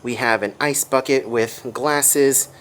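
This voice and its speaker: Man, vlogger, hotel walkthrough, excitable, talks to viewers, faint background noise. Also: mid-range voice, takes it slowly. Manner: excitable, gushing, addresses viewers as guys. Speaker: theme park vlogger. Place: hotel rooftop, then a hotel room.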